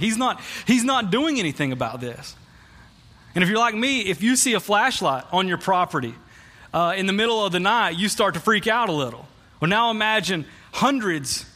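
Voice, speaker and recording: Bright high-voiced male preacher. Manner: conversational storytelling, frequent restarts. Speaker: pastor. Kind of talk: sermon. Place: church.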